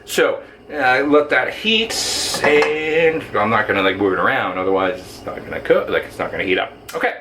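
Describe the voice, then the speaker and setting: A man's voice: medium pitch, expressive, normal speed. A man hosting a home cooking video, chatting casually and rambling off topic while he stir-fries in his kitchen. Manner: rambling, jokey, with sing-song filler humming. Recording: home kitchen with frying noise. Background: sizzling pan.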